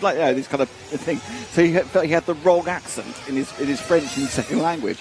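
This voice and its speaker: A man's voice: on the high side, fast talker, hardly any pauses. A British man co-hosting a livestream, chatting and joking with frequent laughter. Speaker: livestream co-host. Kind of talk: casual commentary chat. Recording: music playing under the voices.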